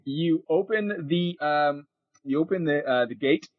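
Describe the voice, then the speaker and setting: A man narrating a tabletop game as game master, lively and halting. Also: on the high side. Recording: dull, lo-fi recording.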